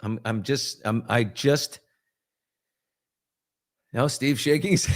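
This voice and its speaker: A man in his fifties from New York, hosting a casual live chat and answering viewers, rambling and self-reflective with joking asides. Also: medium pitch. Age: 50s. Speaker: host.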